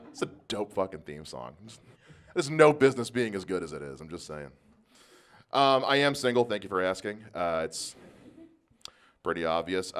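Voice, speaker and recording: Male stand-up comedian, self-deprecating, mid-pitched with a lively, swooping delivery. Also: smooth.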